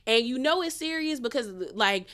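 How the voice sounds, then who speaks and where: A woman hosting a casual reality TV review, telling it in a chatty, colloquial, animated way full of slang. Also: high-pitched, normal speed. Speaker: reality TV recap host.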